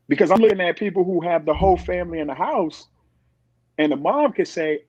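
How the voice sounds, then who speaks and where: A middle-aged man, a guest on a podcast, tells stories conversationally and animatedly acts out the voices of the people he quotes. His voice is high-pitched and husky, and he talks a little fast. The recording is dull and dry, with no room sound.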